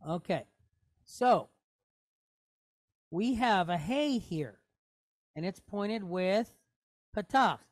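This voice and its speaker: Woman teaching hebrew reading, slow and patient, keeps asking "okay?", dry close mic. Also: medium pitch, animated, dry recording. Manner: patient, step-by-step, checking in with "okay? right?". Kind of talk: classroom lesson.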